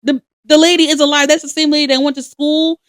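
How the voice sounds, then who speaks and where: A young woman co-hosting a podcast, telling stories with lots of swearing and animation. Her voice sits a little high, and the sound is close and dry. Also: quick pace, no echo. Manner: animated, profane storytelling. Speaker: podcast co-host. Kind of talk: casual chat.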